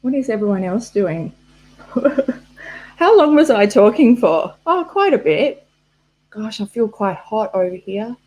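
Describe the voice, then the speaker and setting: A woman's voice: medium pitch, sing-song, unhurried, long pauses, a little mellow. A woman hosting a casual live stream, rambling through stories with frequent swearing and laughter at herself. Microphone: laptop mic.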